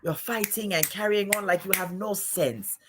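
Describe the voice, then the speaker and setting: A woman's voice: mid-range voice, normal speed, background noise, lightly acted. A woman putting on the voice of a stern, exasperated older auntie who scolds with clipped questions and "eh?" tags. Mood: scolding.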